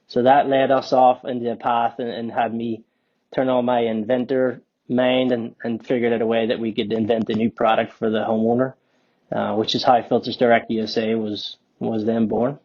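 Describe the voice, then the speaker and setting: A man in his forties from Northern Ireland with a Northern Irish accent, a company co-founder telling his story as a podcast guest in a relaxed, rambling way. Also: mid-range voice, brisk, highs cut off. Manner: relaxed, rambling, many ums and restarts. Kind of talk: casual storytelling interview.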